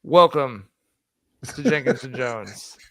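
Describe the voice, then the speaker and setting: A man's voice: mid-range voice, expressive, takes it slowly, a bit bright, no echo, studio quality. A man co-hosting a casual sports podcast, laughing often as he recounts a story. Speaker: podcast co-host.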